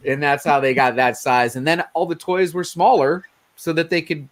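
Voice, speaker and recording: A man's voice: on the high side, normal speed. A man hosting a casual late-night chat, telling loose stories and acting out the quotes in them. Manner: loose, animated storytelling with acted-out quotes. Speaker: host.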